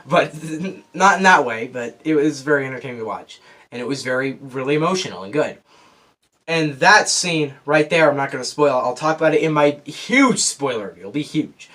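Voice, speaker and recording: A teenage boy giving a casual, rambling movie review, excitable and full of restarts. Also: fairly high pitch. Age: teens.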